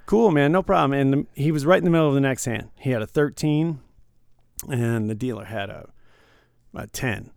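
A man co-hosting a casual podcast, telling a work story in an animated way and acting out the quoted lines. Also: medium pitch, normal speed, vocal fry, dry recording, clean studio sound. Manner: animated, acts out quoted dialogue. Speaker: podcast co-host, casino worker.

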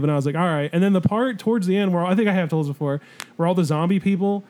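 A man's voice: high voice, very fast, darkish tone. A young man co-hosting a podcast in casual chat, rambling and swearing freely. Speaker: podcast co-host.

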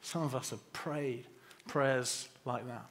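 A man's voice: mid-range voice, slow, fairly bright tone. A man giving a conversational church sermon, acting out quotes and often restarting words. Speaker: preacher.

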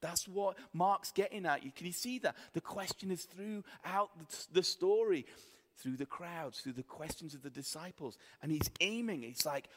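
High, bright-voiced preacher in a hall. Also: male voice, normal speed. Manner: lively storytelling, acts out voices in the story, colloquial. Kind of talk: sermon. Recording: long reverb of a hall.

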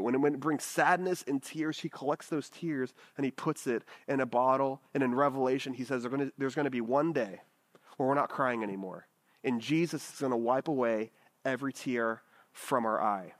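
A man preaching in an easy, conversational way, his voice sitting a little higher than most men's. He keeps turning to the room with quick "right?" check-ins as he works through the passage. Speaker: pastor. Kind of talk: sermon.

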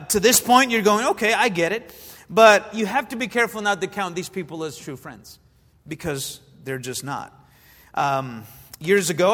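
A pastor preaching a sermon, animated, with frequent fillers and asides to the congregation. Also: male voice, high voice. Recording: long reverb of a large hall.

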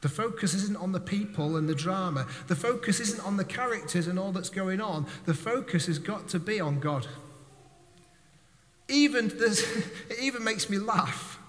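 Brief: male preacher with a bright, high voice, casual and joking, speaking to a congregation in a reverberant hall. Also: expressive, a little slow. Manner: conversational, jokey, addresses the congregation directly. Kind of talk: sermon.

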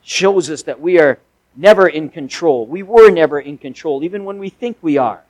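Pastor, male, slightly higher voice, folksy conversational sermon that rises to emphatic peaks, dry sound. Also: lively intonation, moderate pace, darkish tone, no echo, low-quality recording. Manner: conversational preaching with folksy asides and emphatic swells.

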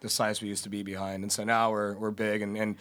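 Man guest, plain mid voice, halting and filler-heavy, casual banter. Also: fairly low pitch, little pitch movement, a bit bright. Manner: hesitant, many fillers and restarts. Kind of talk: casual chat.

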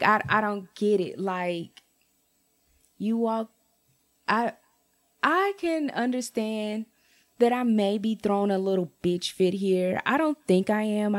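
Animated woman ranting to her viewers. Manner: animated, swings to high exclaims; blunt, profane, talks straight to viewers. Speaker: vlogger. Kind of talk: casual storytime rant.

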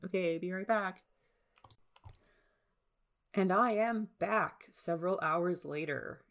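A woman's voice: mid-range voice, lively intonation, unhurried, pauses often, pushed and bright. A young woman hosting a casual solo podcast from home, rambling with self-deprecating, sarcastic asides. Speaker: podcast host. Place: home in the suburbs.

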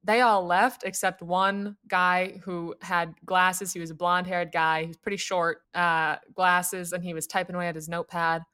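An American woman, a young adult, co-hosting a podcast and telling a personal story in a casual, animated way, laughing often. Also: fairly low pitch, normal speed, hardly any pauses. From United States. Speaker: podcast co-host.

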